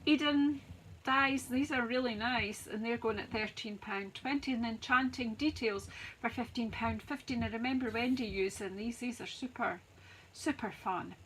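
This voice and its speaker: A woman's voice: a little high, normal speed, fairly bright tone, slight background noise, poor audio. A woman hosting a live craft stream, chatting to viewers as she rattles off sale prices like an auctioneer. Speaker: craft demonstrator, host. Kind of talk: live-stream product walkthrough.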